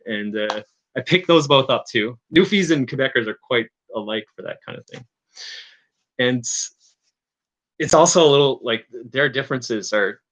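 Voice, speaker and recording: Man from Newfoundland, casual stream chat, bright forward tone, halting and rambling delivery. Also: mid-range voice, lo-fi sound. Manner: rambling, halting, with frequent restarts and chuckles.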